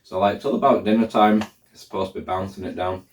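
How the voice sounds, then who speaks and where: A deep-voiced man chats casually to camera, rambling and thinking aloud with lots of fillers. He sounds set back from the mic in an echoey room. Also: steady tone, quick pace, darkish tone, recorded from a distance, slight background noise. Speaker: hiker vlogger. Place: indoors, room where he is drying socks under a fan.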